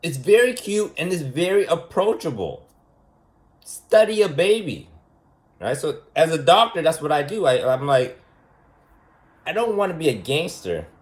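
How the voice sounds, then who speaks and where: A man lectures in a loose vlog monologue, circling back to the same points with emphatic repeats and rhetorical questions. His voice sits a little high for a man and swings widely in pitch. He takes his time, speaking slowly. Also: sing-song. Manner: rambling, repetitive, emphatic, with many restarts and rhetorical questions. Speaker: vlogger giving a self-styled lesson. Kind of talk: casual unscripted monologue.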